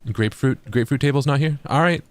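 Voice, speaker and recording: A man's voice: mid-range voice, fast. A young man streaming a video game, chatting playfully with his viewers and thinking aloud. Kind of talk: casual gaming commentary.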